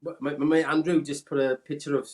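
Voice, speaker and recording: A Welsh man in his forties, a former footballer, telling animated anecdotes in casual chat and mimicking people in a raised voice. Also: fast. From Wales. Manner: animated anecdotes, acts out quotes in a high voice. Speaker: former footballer, podcast guest. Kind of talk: casual storytelling.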